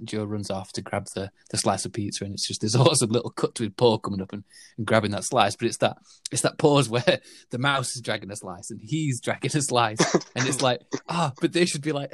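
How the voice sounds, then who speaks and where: A man talking films with a friend in a loose, rambling way, full of ums and false starts. His voice sits at an ordinary middle pitch, recorded close and dry with no room sound. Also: no echo. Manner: rambling, lots of fillers and restarts. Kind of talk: casual film chat.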